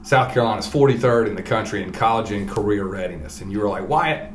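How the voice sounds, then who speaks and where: A man's voice: fairly low pitch, fast talker, slight background noise. A male podcast host asking questions in a casual interview, eager and full of restarts and fillers. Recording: roomy echo.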